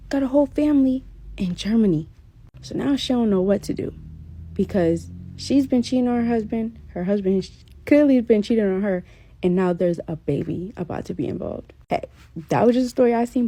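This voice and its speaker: Dark, husky woman retelling a story. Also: fairly high pitch, expressive, moderate pace. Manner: casual, slangy, asks the viewers. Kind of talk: casual storytime.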